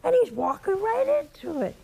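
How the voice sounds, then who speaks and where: A woman with a Southern accent preaching a sermon, telling the story slowly and animatedly, dropping at times to a soft whisper. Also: extremely high pitch, big pitch swings, gravelly.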